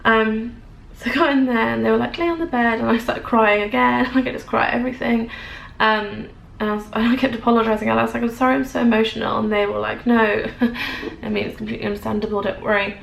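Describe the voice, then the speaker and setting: A young English woman vlogs about something personal, her fairly high, fairly bright voice carrying a gravelly fry. She speaks quickly and flatly, hesitating and restarting often yet showing open emotion, in an echoey room with a faint hiss behind her.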